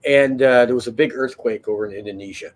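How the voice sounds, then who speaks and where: A man's voice: medium pitch, fast talker. A man telling a long story in a casual, rambling way, full of fillers, restarts and swearing. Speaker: podcast host.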